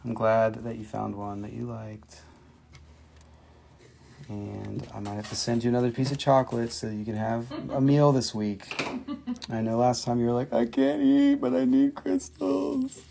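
A man's voice: on the low side, fairly even intonation, moderate pace, gravelly, long pauses, darkish tone. A man hosting a live stream where he sells crystals, talking in a chatty, joking way. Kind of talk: casual live sales stream.

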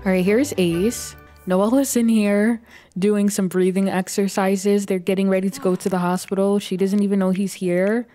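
Woman, gaming commentary, chatty, excitable, narrates her moves, mid-pitched voice. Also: moderate pace, faint music behind. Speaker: gaming YouTuber. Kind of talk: let's play commentary.

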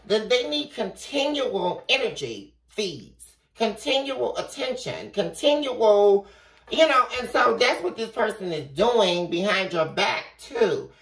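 A woman's voice: mid-range voice, takes it slowly, creaky. A woman giving a tarot reading, talking bluntly with a lot of swearing and ranting. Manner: blunt, profane, animated ranting. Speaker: tarot reader. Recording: roomy, from a distance.

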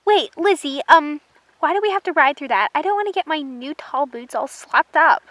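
A woman voicing a fussy, excitable young city girl on a trail ride, in a toy horse drama. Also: sits high, normal speed, no room sound. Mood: whiny. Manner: whiny, excitable.

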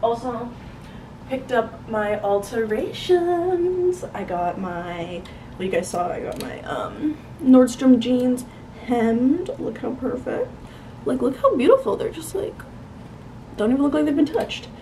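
A woman's voice: fairly high pitch, expressive, takes it slowly, warm tone, poor audio. A bubbly young woman chatting to her phone camera in a casual vlog. Her talk is loose and full of filler words. Noticeable noise sits under the recording. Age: young adult. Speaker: vlogger.

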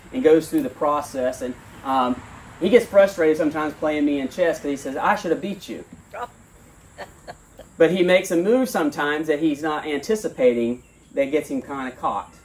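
A man with a slightly high voice preaches at an outdoor church service. He reads scripture in an earnest way, then talks plainly and relaxed, with fillers and restarts now and then. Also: moderate pace, far from the mic, slight background noise. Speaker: pastor. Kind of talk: sermon with scripture reading.

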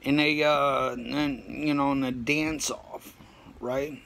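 A man telling a comic story in a halting, rambling way, full of "uh" and "you know," with sudden excited high bursts. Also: vocal fry.

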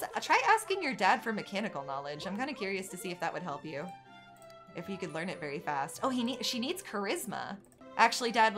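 A woman hosting a casual let's-play, chatting through her game and reacting loudly, swinging from calm narration to panicked dismay. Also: on the high side. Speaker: gaming channel host.

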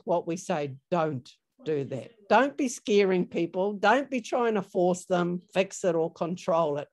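A woman giving an online training talk over a video call, chatty and storytelling, with many fillers. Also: on the low side. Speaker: workshop presenter.

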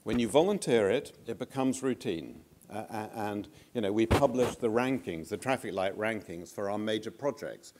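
Older guy, lowish voice, conference speech, measured, lots of uhs and pauses. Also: a little mellow, a little hiss or hum. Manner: measured and anecdotal, with frequent hesitations. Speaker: former government minister speaking at a conference.

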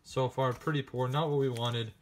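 A man narrating as he opens trading card packs on camera, excited and chatty, speaking straight to his viewers. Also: medium pitch, normal speed, background noise. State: nervous and shaky. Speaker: card-opening vlogger. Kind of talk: casual unboxing narration.

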